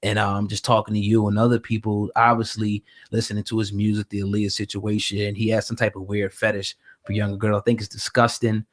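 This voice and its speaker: Lowish voiced guy hosting a news talk, kinda hesitant, ums and you knows everywhere. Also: completely flat delivery. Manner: hesitant, lots of fillers, measured. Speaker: host. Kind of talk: casual news commentary.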